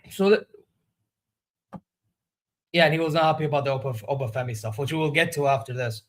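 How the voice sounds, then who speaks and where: A man hosts a wrestling reaction vlog, offering candid, opinionated, rambling commentary. His voice is on the high side and he talks a little fast.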